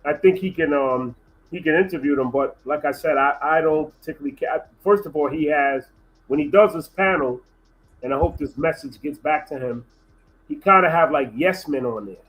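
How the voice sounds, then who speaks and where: Man, slightly higher voice, hesitant, restarts sentences, casual panel talk. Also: a bit bright, poor audio. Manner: hesitant, restarts often, measured opinions. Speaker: guest on a livestream panel. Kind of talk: casual discussion.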